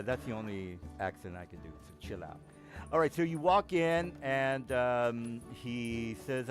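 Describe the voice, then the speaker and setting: A man's voice: mid-range voice, expressive, faint music behind. Hesitant man running a tabletop game. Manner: halting, many ums and restarts. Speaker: game master.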